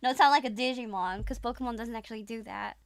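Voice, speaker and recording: A woman's voice: fairly high pitch, fast, no room sound. A woman streamer chatting casually as she reacts to a video, giggling and playfully imitating accents.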